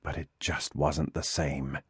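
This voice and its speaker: A man narrating a suspense novel in a measured, expressive audiobook reading. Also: a bass voice, breathy edge, no room sound, clean studio sound. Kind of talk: scripted narration.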